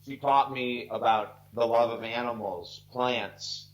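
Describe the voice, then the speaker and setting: This man speaks slowly at medium pitch with a steady tone, captured on rough audio. A life coach in his sixties, he's in an earnest storytelling interview by video call, heartfelt and emphatic, his emotion bringing him close to tears.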